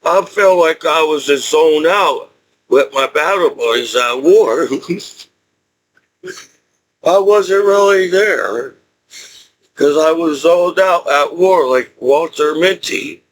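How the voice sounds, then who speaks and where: High-voiced rambling man who chuckles. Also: slow, pauses often, low-quality recording. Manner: rambling, chuckles often, repeats himself. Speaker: military veteran vlogger. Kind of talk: rambling personal monologue.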